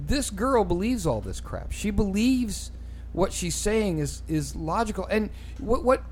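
A man's voice: high voice, a little hiss or hum. A man hosting a casual panel chat, opinionated and often repeating his first words as he starts a thought. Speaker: show host.

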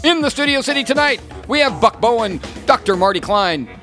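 A man's voice: very high-pitched, animated, fairly quick, bright, forceful tone, faint music behind. A man hosting a podcast in a small studio, joking and reading the intro in a sing-song way. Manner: sing-song, jokey delivery. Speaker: podcast host. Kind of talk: casual podcast banter.

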